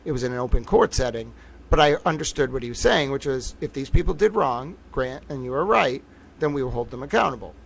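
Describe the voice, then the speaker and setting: Guy ranting on his stream, gravelly voice, swears a lot, kinda rambly. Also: medium pitch, lively intonation, a little fast. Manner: rambling, profane, emphatic. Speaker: livestream commentator. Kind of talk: casual livestream commentary.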